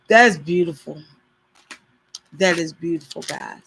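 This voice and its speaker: Woman live-stream host, unhurried, bright tone, talks straight to her viewers. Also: mid-range voice, a little hiss or hum, rough recording. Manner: chatty, addresses viewers directly. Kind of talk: casual live-stream chat, reading cards aloud.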